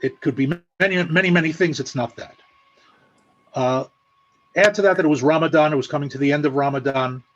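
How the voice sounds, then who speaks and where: Measured male analyst on a muffled call. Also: fairly high pitch. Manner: measured, explanatory, dryly sarcastic asides. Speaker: guest analyst. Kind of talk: spoken analysis at an online meeting.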